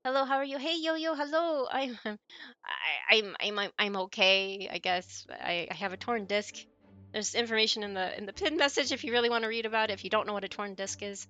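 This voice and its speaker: A woman's voice: mid-range voice, lively intonation, a little fast, sharp tone, dull audio. A woman streamer chatting casually with her viewers while she plays a game, giggling often and answering messages from chat.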